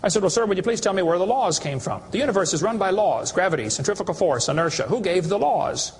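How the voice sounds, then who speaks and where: A man's voice: high voice, animated, quick pace, slightly rough. A man giving a preaching lecture to an audience, telling folksy, mocking stories with acted dialogue. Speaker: creation science speaker.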